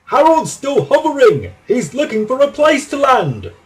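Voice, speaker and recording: A jubilant male fireman shouts in a high, bouncing voice in this storybook reading, as a male narrator puts him on. He sounds triumphant and carries his voice loudly. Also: big pitch swings, measured pace, soft background music.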